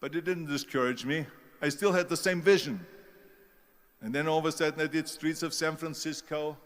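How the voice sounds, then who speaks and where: A man's voice: fairly high pitch, fairly even intonation, normal speed, big-room sound. A man with a German accent giving an emphatic motivational speech, telling stories with force. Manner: emphatic storytelling. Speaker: speaker.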